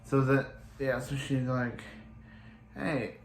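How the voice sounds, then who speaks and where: A man talking through a recap in a loose, rambling way, stumbling and restarting often. He sounds roomy and echoey, as if recorded in a bare room. His pitch sits in the middle range for a man. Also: fairly even intonation, fairly bright tone. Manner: rambling, halting retelling full of restarts and "he's like". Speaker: show reviewer. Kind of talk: casual episode recap.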